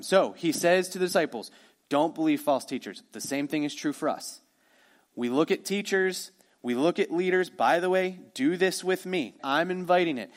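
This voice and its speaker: Male pastor, casual sermon delivery, emphatic then hushed, slightly high voice. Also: moderate pace. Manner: conversational preaching, swings from emphatic to hushed.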